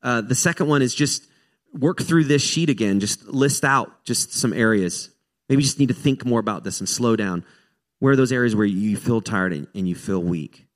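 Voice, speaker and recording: An American pastor preaches in a relaxed, conversational way at a middle pitch for a man. He keeps restarting his sentences and wanders into self-mocking asides before he brings the talk back to the scripture. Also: normal speed. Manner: casual, self-deprecating asides with frequent restarts. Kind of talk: sermon.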